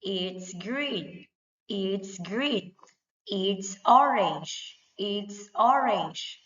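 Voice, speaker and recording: Woman, children's English lesson, says each word twice, very slow, mid pitch, muffled lo-fi sound. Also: animated, a bit bright. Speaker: English teacher for young children. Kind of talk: slow drill-style vocabulary lesson.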